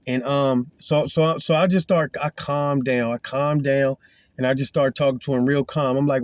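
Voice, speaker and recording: A man's voice: mid-range voice, fairly even intonation, normal speed, dry recording, studio quality. A man giving an earnest, emphatic spoken testimony as a Christian, retelling a confrontation in casual talk.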